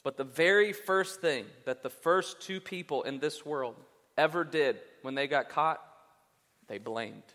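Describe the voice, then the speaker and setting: Pastor guy preaching, talks to the crowd like a friend, kinda high voice, big echoey church. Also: measured pace. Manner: lively, conversational preaching with asides to the congregation. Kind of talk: sermon.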